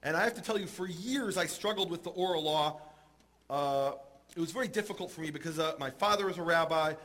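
Bright high-voiced man telling a story. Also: brisk. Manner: lively, humorous, acts out the quoted characters. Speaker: teacher retelling a Talmud story. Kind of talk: animated storytelling talk.

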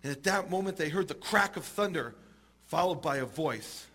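A man telling a Talmud story in a lively, humorous way and acting out the characters. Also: a little high, normal speed, very noisy. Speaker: teacher retelling a Talmud story. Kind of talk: animated storytelling talk.

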